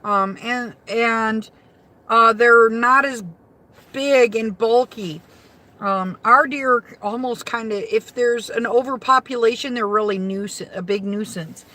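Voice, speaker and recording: Woman from Michigan, high bright voice, unhurried salty car chat, livestream host. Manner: chatty, salty, laughs easily. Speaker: rideshare driver livestreaming. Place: inside a car.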